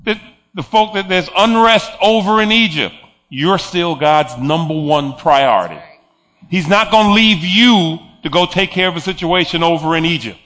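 A man's voice: sits high, animated, moderate pace, fairly bright tone. A man preaching a sermon, emphatic, repeating phrases and chuckling between points.

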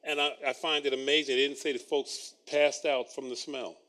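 A man's voice: mid-range voice, fairly even intonation, normal speed, sharp tone. A man preaching a sermon, reading scripture and breaking in with wry asides and chuckles.

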